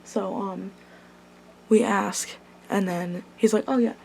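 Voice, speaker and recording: A woman's voice: mid-range voice, flat delivery, takes it slowly, creaky, a little mellow, a little hiss or hum. A young woman vlogger telling a concert story in casual, gushing talk, full of ums and likes and casual swearing. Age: young adult.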